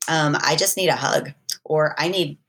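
Female guest, low voice, earnest and reflective, conversational delivery. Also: normal speed, a bit bright, slightly rough. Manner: earnest, reflective, quotes herself and friends. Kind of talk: casual conversation.

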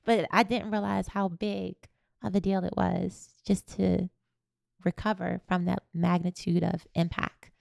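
Woman guest, warm gravelly storyteller, lively, dry close sound. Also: fairly low pitch, unhurried, no echo. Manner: animated, laughs while telling stories. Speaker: podcast guest. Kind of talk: personal storytelling in conversation.

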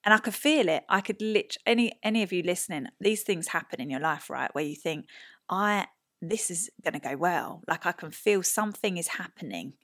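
A woman's voice: on the low side, animated, brisk, a bit bright. A woman in her thirties, a podcast guest, telling a personal story in casual chat and acting out the people she quotes.

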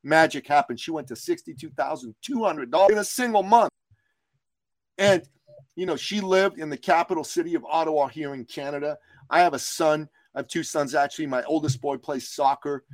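A man from Iran talks as a business coach on a podcast, pushing his points with emphatic, slogan-like punch. His voice sits somewhat high for a man. The sound is dry and close, with no room echo. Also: fairly quick. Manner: emphatic, slogan-driven motivational talk. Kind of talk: motivational podcast interview storytelling.

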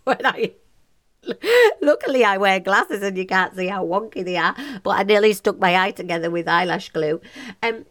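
A woman's voice: mid-range voice, moderate pace, fairly bright tone. A woman in her forties hosting a motivational podcast, talking in a bubbly, passionate way and laughing often. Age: 40s. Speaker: podcast host. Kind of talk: upbeat motivational podcast monologue.

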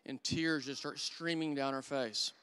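A man's voice: mid-range voice, steady tone, a little slow, clean tone. Earnest male preacher in a reverberant hall. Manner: earnest storytelling, drops to hushed voice for quoted thoughts. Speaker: church elder preaching. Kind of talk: sermon with personal stories.

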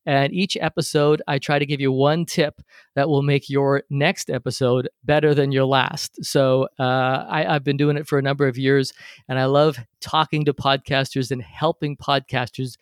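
A middle-aged man, a podcast coach, answering interview questions in a lively, storytelling way. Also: mid-range voice, moderate pace, dry recording, studio quality. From Canada. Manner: animated storyteller, acts out his own rants.

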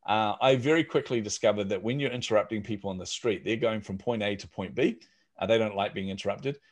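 Lively New man telling stories. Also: lowish voice, fast talker. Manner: animated, acts out quoted voices. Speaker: startup founder, podcast guest. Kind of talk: casual storytelling.

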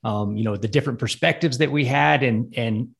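A middle-aged firefighter on a podcast, chatting in a laid-back, halting way with lots of fillers. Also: male voice, medium pitch, vocal fry, fairly bright tone, husky. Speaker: podcast guest co-host, firefighter. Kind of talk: casual podcast chat.

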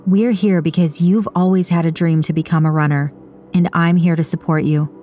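A woman's voice: fairly low pitch, steady tone, normal speed, dark tone, faint music behind, close to an everyday voice. A woman reading an audiobook, voicing a proud, bitter middle-aged mother, in a reproachful manner. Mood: soothing. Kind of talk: audiobook character voice.

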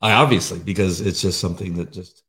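A middle-aged man co-hosting a faith devotional, talking in a halting, emotional way with many fillers. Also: low voice, steady tone, fairly bright tone. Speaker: devotional co-host. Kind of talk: casual faith chat.

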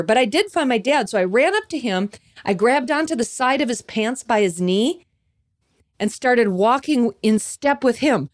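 A woman hosting a podcast, telling a personal story and then preaching with a building, repeating cadence. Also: a little high. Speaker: podcast host. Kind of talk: devotional storytelling talk.

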